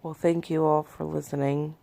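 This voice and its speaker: A woman's voice: low-pitched, little pitch movement, normal speed, creaky, mellow. A woman in her thirties talking from bed into a phone in a rambling, candid confessional vlog, shaky and worn out after a panic attack. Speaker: vlogger. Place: in bed in a bedroom at home.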